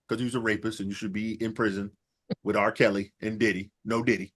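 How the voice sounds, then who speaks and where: A man co-hosting a casual comedy wrestling talk show, retelling events and acting out the wrestlers' lines with profane, animated delivery. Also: lowish voice, fast. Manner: animated, acts out quotes in exaggerated voices, profane. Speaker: podcast co-host recapping wrestling.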